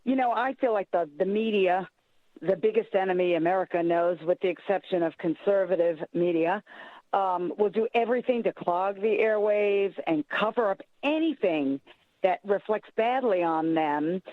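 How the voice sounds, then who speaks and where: A woman's voice: medium pitch, moderate pace, dry recording. A woman from Maryland calling in to a radio talk show, earnest and a bit rambling. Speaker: caller. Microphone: telephone. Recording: tinny phone line.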